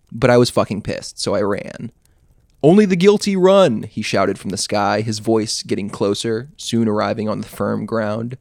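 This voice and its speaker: Male podcast host, low and gravelly, sardonic storyteller, dry close sound. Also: no room sound. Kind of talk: reading his own short story aloud.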